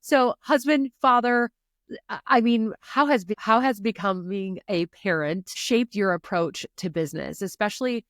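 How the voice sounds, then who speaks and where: Gravelly-voiced woman hosting a podcast. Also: medium pitch, normal speed, few pauses, no room sound, studio quality. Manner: warm, affirming, faith-talk, frequent "like" and "right?". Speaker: podcast host. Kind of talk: podcast interview.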